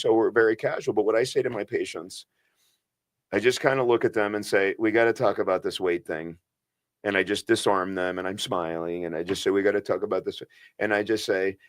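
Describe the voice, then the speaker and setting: A man's voice: on the low side, no echo. A man hosting a radio health show as a doctor, talking in a casual, earnest way with frequent restarts.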